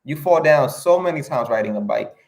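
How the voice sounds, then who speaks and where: A young man gives an earnest, casual motivational talk straight to his camera. His voice has a gravelly, creaky edge at a middle pitch. He circles back over his points and keeps checking in with a quick "right?". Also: lively intonation. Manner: earnest, repetitive, asks "right?" often. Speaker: motivational vlogger.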